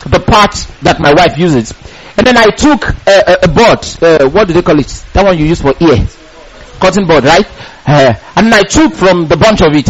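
A husky-voiced man preaches a sermon. His voice sits high and swoops up and down with great animation. He drives his points home through repetition and sudden shouts. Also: poor audio. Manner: emphatic, repetitive, bursts into shouting.

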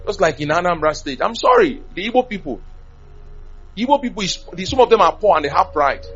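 A male preacher delivers a sermon in a fairly high voice. His pitch leaps up and down as he swings between loud bursts and soft asides. The recording is dull and lo-fi. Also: lively intonation, a little fast, breathy edge, soft background music.

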